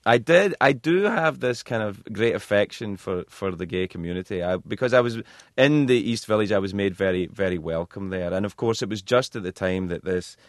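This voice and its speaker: A man's voice: on the low side, expressive, brisk, hardly any pauses, no echo. A man telling rambling, self-deprecating stories as a guest in a radio studio interview. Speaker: talk show host as guest.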